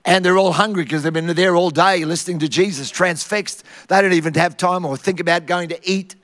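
High-voiced Australian preacher in a hall. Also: male voice, brisk. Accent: Queensland Australian. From Queensland, Australia. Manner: lively storytelling, acting out Bible scenes with humour. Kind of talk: sermon. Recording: long hall reverb.

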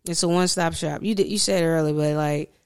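A woman's voice: deep voice, fast talker, clear, resonant tone. Ranting woman on a casual podcast. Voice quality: profane, ranting, animated storyteller. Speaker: podcast co-host. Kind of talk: casual chat.

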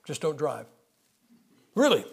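A man's voice: a little high, big pitch swings, takes it slowly, vocal fry, husky. A man preaching a sermon in a church, conversational and emphatic, with joking asides. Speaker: guest preacher.

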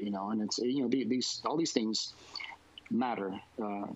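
A man with a fairly low voice answers interview questions in a loose, rambling way, restarting sentences and leaning on fillers. He sounds like a jiu-jitsu instructor explaining his teaching. The audio is a little dull and muffled. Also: normal speed. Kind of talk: casual interview talk.

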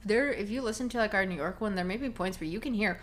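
A woman co-hosting a podcast, telling stories in a casual, animated chat full of fillers. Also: mid-range voice, fast talker. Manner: chatty, animated storytelling with many fillers. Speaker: podcast co-host.

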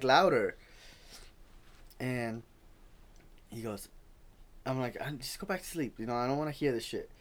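A young man co-hosting a podcast who tells a scary story in casual slang and swears freely, getting louder and more excited as it goes on. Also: medium pitch. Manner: slangy, profane, grows loud and excited while telling a scary story. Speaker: podcast co-host.

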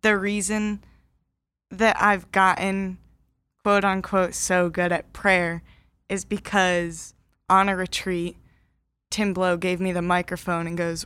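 A woman's voice: fairly low pitch, takes it slowly, pauses often, smooth, dry recording. A young woman, a guest speaker, telling stories in casual chat with many "like" fillers. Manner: animated storyteller, frequent "like" fillers.

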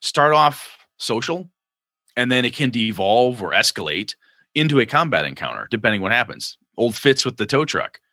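A man co-hosting a casual chat about running tabletop games, animated and slipping into quick character voices. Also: mid-range voice, dry recording, studio quality. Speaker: game master podcast co-host.

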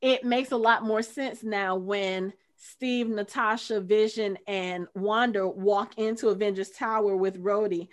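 A woman talks through a film in casual podcast chat. She is chatty and animated, and she slips into short voices for the characters as she retells scenes. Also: medium pitch, measured pace, hardly any pauses. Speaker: podcast co-host. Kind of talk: casual movie discussion.

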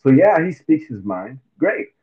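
A man co-hosting a casual sports chat, animated and acting out quotes in silly voices. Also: mid-range voice, measured pace. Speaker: podcast co-host. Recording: tinny phone-like mic.

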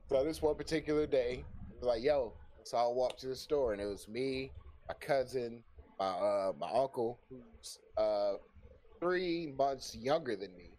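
A young adult man telling a story in a casual chat, swearing freely, animated, and often breaking into laughter. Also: medium pitch. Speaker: podcast guest telling a story.

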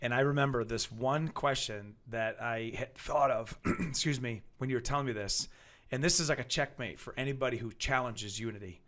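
A male host with a sharp, bright voice and a middle pitch. He talks with energy and presses his guests with questions in a casual chat. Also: moderate pace. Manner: energetic, asks pointed questions. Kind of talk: casual conversation.

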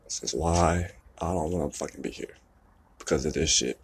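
A man's voice: extremely low pitch, normal speed, vocal fry, a little hiss or hum. A young man venting in a rambling, profane monologue, upset and close to tears, repeating himself often. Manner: rambling, profane, repeats "you know what I'm saying".

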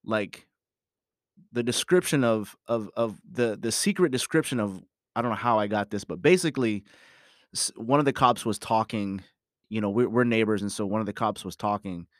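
A man's voice: fairly low pitch, normal speed, no echo, studio quality. A man telling a personal story in a casual monologue, rambling and emphatic, swearing often and leaning on "you know". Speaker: parent talking about his family.

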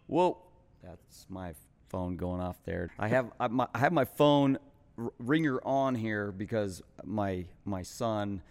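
A man in his fifties leads a casual interview over a video call with a somewhat low voice. He talks reflectively and is quick to be amused, pausing to gather his thoughts.

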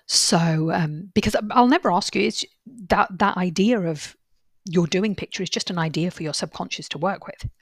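Woman therapist, podcast host; husky, breathy tone; dry close sound; earnest, reassuring delivery with repeated emphasis. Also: on the low side, moderate pace, dry recording. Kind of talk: podcast monologue with client anecdotes.

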